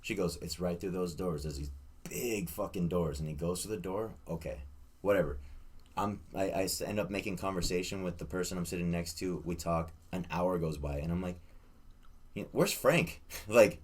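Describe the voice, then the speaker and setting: Low husky man telling a wild story. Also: a little fast. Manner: animated, swearing, laughing through a story. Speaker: guest. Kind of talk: casual storytelling among friends.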